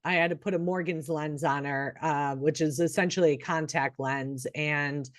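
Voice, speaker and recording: A woman's voice: sits low, steady tone, moderate pace, no echo, clean studio sound. A middle-aged woman, a nurse and podcast co-host, talking in an earnest, encouraging way with frequent restarts. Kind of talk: casual podcast chat.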